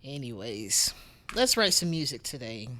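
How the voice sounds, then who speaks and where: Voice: mid-range voice, sing-song, measured pace, sharp tone. A music streamer with a Texan accent, chatting casually and rambling to viewers from a home studio at a desk microphone. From Texas. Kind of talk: casual livestream chat.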